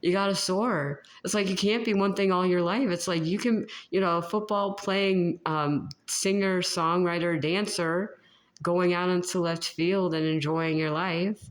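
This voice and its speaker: A woman's voice: on the low side, fairly even intonation, unhurried. A woman talking casually through a tarot reading for viewers, rambling, restarting her sentences and laughing often. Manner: many fillers and restarts. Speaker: tarot reader.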